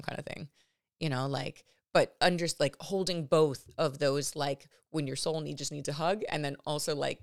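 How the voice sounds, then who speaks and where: A woman with a low, slightly gravelly voice talks through a personal story as a podcast host. She rambles candidly, correcting herself and filling pauses as she goes. The sound is dry and close. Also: dry recording. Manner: rambling and candid, many fillers and self-corrections.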